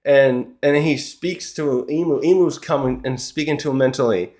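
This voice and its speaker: A man's voice: mid-range voice, moderate pace, darkish tone. A man giving a casual recap commentary of a comic chapter, rambling and often correcting himself. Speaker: manga chapter reviewer.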